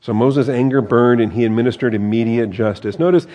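A man's voice: mid-range voice, a little fast, muffled recording. A man reading a Bible passage aloud and breaking off into conversational commentary with wry asides. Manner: reads scripture aloud then comments, wry asides and self-corrections. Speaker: Bible teacher.

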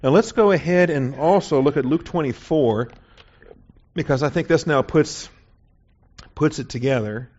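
A man teaches a Bible lesson verse by verse in a relaxed, conversational way. He keeps pausing to check that his listeners follow. The recording sounds dull and lo-fi. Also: a little high. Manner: conversational, checks in with "okay?" often.

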